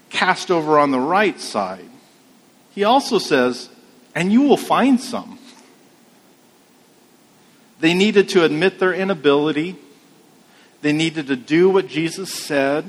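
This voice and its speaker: A man delivers a sermon at an unhurried, deliberate pace, talking to the congregation in a relaxed, conversational way. His voice sits a little high, and it rings out with the long reverb of a large hall. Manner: slow, conversational preaching with anecdotes. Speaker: pastor.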